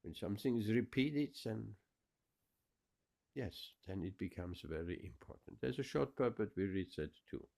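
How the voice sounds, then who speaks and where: A man's voice: fairly low pitch, expressive, normal speed, creaky, a little mellow. A man giving a scripture class, explaining verses with emphatic repetition. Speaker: spiritual teacher.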